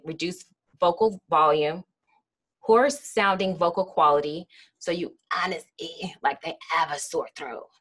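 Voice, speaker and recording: A woman with a slightly low voice delivers an educational lecture. She explains things patiently and often pauses on "um" and "kinda". Now and then she acts out short example phrases. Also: fairly bright tone. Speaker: speech therapist giving a lecture.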